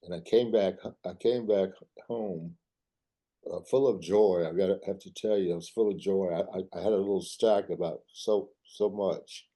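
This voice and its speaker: An older man giving a talk, reminiscing in a halting way full of restarts. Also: low voice, steady tone, dark tone. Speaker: artist giving a club talk.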